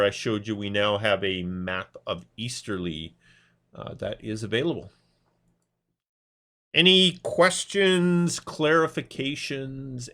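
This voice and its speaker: In a medium-pitched voice, a man acts as game master for a tabletop game, narrating in a relaxed, hesitant way full of fillers.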